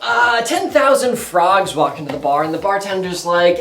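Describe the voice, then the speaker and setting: Quirky improv performer, lively voice. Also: mid-range voice, moderate pace, soft background music. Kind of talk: improvised comedy. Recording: echoey room.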